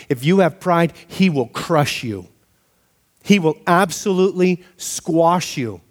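A man preaching a sermon in a conversational, animated way, often asking the congregation rhetorical questions. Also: a little high. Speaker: pastor.

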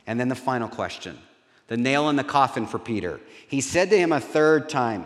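A middle-aged man, a pastor, preaching a sermon in an earnest way that turns lively when he acts out dialogue. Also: mid-range voice, normal speed. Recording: reverberant hall.

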